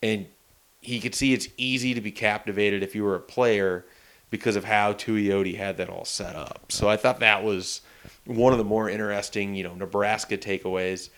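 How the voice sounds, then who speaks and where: A man with a fairly low, smooth and clear voice, talking in a relaxed, rambling manner. He co-hosts a casual sports chat, recounting reporting trips and anecdotes at an easy pace. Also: moderate pace.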